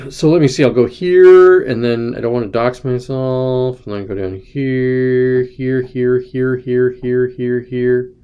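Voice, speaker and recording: Man, livestream host, loose rambling chat at his desk, mid-pitched voice, lots of ums and self-corrections. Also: vocal fry, a little mellow, smooth. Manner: digressive, chatty, frequent ums and self-corrections. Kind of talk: casual rambling livestream talk.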